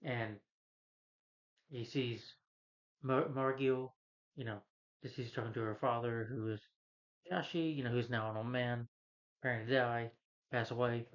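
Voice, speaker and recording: A man's voice: mid-range voice, fairly even intonation. Rambling man retelling a movie plot. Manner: rambling, halting, full of "you know" and restarts. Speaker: movie reviewer. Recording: slightly dull lo-fi recording.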